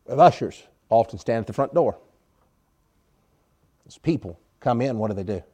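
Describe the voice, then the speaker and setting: A man's voice: medium pitch, lively intonation, normal speed, dark tone, husky. Man preaching a conversational sermon. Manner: conversational, rhetorical questions, wry sarcasm, volume swings. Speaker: pastor.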